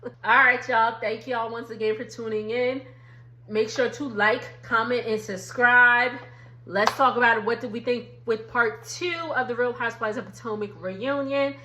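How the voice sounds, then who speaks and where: A woman's voice: a little high, fairly even intonation, normal speed, pushed and bright, roomy sound, highs cut off, a little hiss or hum. A woman, chatting casually through a TV recap and laughing as she acts out quotes. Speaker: reality TV recap YouTuber.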